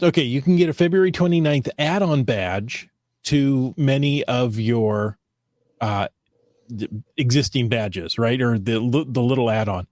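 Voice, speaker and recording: A man's voice: medium pitch, moderate pace, darkish tone, no echo, studio quality. A man hosting a casual podcast chat, talking loosely with restarts and easy laughter. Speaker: podcast host.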